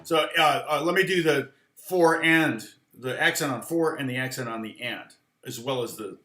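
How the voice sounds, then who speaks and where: A man's voice: medium pitch, moderate pace, sharp tone, roomy sound. A man teaching guitar in a loose, rambling live lesson, humming rhythms aloud between explanations.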